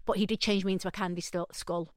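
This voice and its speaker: A woman, telling animated, swear-filled stories as a podcast co-host. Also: lowish voice, fast, no echo, studio quality. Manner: animated, swears freely, acts out quoted voices. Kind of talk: casual storytelling chat.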